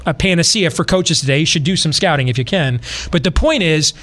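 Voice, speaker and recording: A man with a fairly high voice hosts a podcast and talks in a lively, animated way. He circles back over his own phrases and builds each point through sports and battle analogies. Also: fairly quick. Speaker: podcast host. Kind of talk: casual podcast talk.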